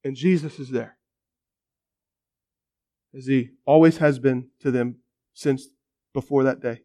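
A male pastor preaching a sermon with dramatic storytelling, often dropping to a near-hush for weight. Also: medium pitch, fairly even intonation, slow.

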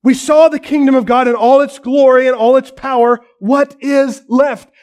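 High-voiced preacher, dramatic storytelling. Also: male voice, steady tone, moderate pace. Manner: dramatic storytelling, drops to a hush for weight. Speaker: pastor. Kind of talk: sermon.

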